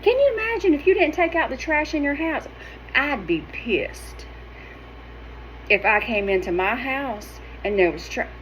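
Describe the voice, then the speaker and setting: A middle-aged woman, talking straight to her viewers in a sassy, animated, emphatic way. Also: high voice, unhurried, lo-fi sound, slight background noise. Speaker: wellness vlogger. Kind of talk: casual direct-to-camera talk.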